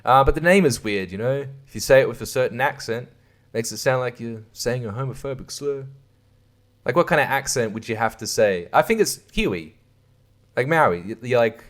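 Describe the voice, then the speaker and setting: A man's voice: medium pitch, lively intonation, normal speed, a bit bright. A man hosting a podcast, riffing in a crude, irreverent comic monologue and laughing at his own jokes. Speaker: podcast host. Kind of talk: casual comedic monologue.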